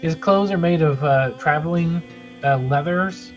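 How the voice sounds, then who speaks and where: A man's voice: a little high, measured pace. A man running a tabletop game, narrating casually in a rambling way, with swearing. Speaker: game master. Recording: muffled with background music.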